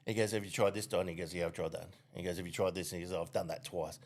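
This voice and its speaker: An Australian podcast co-host tells rambling, crude jokes in casual chat, swearing freely and laughing often. His voice is low and his delivery flat, and he races along.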